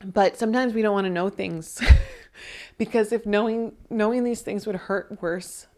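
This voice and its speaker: A woman's voice: mid-range voice, moderate pace, a little mellow. A young woman giving a casual astrology reading, talking in a chatty, emotional way with lots of fillers and moments close to tears.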